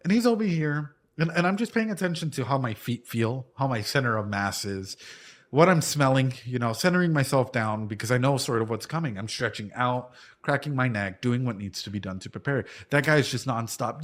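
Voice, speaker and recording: A man's voice: mid-range voice, lively intonation, a little fast. A man in his thirties chatting casually as a reaction streamer and martial arts coach, rambling through a long story full of "dude" and "right?" and the odd swear word. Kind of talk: casual chat reacting to anime.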